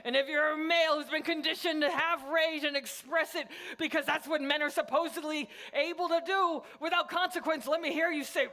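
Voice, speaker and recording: High, gravelly woman hyping a crowd. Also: moderate pace. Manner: loud, playful, shouting at the audience. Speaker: host, comedian. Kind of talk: comic crowd warm-up. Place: library event space with live audience. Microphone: clip-on mic that keeps falling.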